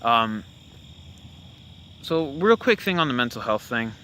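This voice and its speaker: A young man talks casually as a podcast host, his voice bright and forward. He rambles, restarting sentences and filling gaps with "uh" and "you know". Faint hiss and insect sounds sit behind him. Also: mid-range voice, very animated, a little slow. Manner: rambling, with many fillers and self-corrections. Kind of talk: casual opinion monologue.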